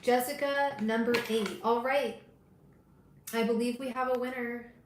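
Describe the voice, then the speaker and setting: A woman hosting a live tarot reading, talking gently and directly to her viewers with frequent restarts. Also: a little high, steady tone, measured pace, roomy sound, background noise. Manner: gentle, soothing, talks straight to viewers; emotional, hesitant restarts. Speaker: tarot reader livestream host. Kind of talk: casual livestream reading.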